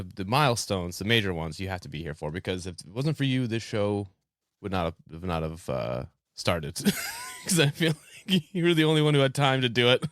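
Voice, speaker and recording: A man's voice: fairly low pitch, a bit bright, no echo, clean studio sound. A young man hosting a casual podcast, laid-back, swearing freely and laughing often. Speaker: podcast host.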